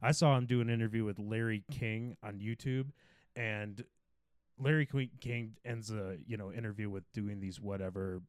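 A man's voice: on the low side, steady tone, moderate pace, smooth, no room sound, studio quality. Young man rambling with lots of swearing. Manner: profane, rambling storyteller. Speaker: podcast co-host. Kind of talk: casual comedy podcast chat.

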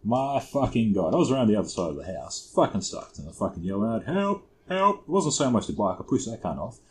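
A man's voice: on the low side, sing-song, fast talker, darkish tone, slight background noise, low-quality recording. A young Australian man, co-host of a podcast, telling stories in a casual, sweary, laid-back way. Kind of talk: casual storytelling chat.

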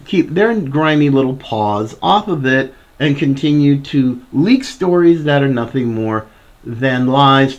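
A man's voice: medium pitch, lo-fi sound. A man hosting a political commentary show, reading a news article aloud and breaking off with indignant asides. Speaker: podcast host.

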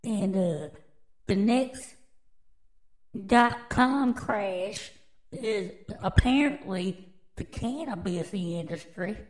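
A woman's voice: mid-range voice, animated, extremely slow, pauses often, poor audio. A woman, hosting a podcast and riffing on news stories in a brash, profane, drawling way. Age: adult, with children. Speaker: podcast host. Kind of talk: casual news commentary.

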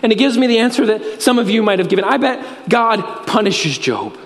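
A man's voice: sits high, big pitch swings, moderate pace, in a large hall. A man preaching a sermon as pastor, telling a story earnestly and quoting scripture.

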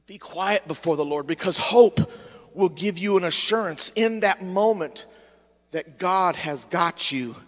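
A middle-aged man preaching a fervent sermon as pastor, slowing down and stretching words for emphasis. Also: high voice, a bit bright. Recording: long church reverb.

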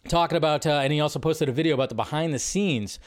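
A man hosting a live film news stream, chatting casually and rambling, often jumping from high excited bursts to low mutters. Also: very fast. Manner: rambling, animated, jumps between high and low.

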